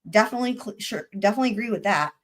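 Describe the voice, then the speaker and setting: A woman hosting a livestream, giving casual trial commentary in a very expressive, chatty way and laughing often. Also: medium pitch, racing. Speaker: livestream host.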